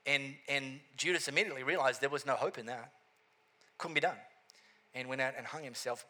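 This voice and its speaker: A man preaching a sermon, telling a story with animated asides and repeated catchphrases. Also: medium pitch, a little fast. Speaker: pastor.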